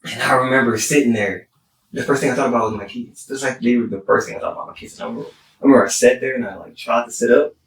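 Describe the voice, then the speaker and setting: A young singer-songwriter from Houston, Texas, guesting on a podcast, rambles through a personal story with lots of "like" fillers and restarts. His mid-range voice is creaky and rapid-fire, picked up by a distant mic in a roomy space with slight background noise.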